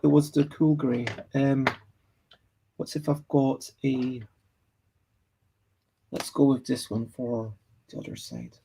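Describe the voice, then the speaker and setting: A man's voice: mid-range voice, steady tone, takes it slowly, gravelly, long pauses, warm tone, a little hiss or hum. A Scottish man drawing on a livestream, chatting casually and thinking aloud as he reads and answers comments from the chat. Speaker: livestreaming artist.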